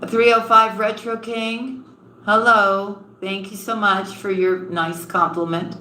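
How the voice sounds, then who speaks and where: A woman hosts a live tarot reading, taking her time and greeting viewers one by one. She sounds bright and affectionate, calling everyone honey and sweetheart. Her voice carries an echo from a roomy space, with faint ambience behind it. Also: mid-range voice, flat delivery, slow pace, slight background noise. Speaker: tarot reader.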